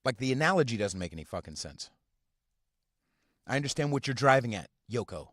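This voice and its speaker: A man hosting a podcast from inside his car, ranting casually and profanely in a halting, rambling way full of fillers. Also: medium pitch, expressive, a bit bright, dry recording, clean studio sound. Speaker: podcast host. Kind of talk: casual rant.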